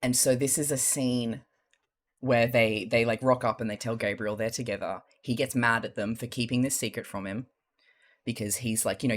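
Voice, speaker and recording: A streamer chatting casually and reading fanfiction, gushing and excitable, with frequent swearing. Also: medium pitch.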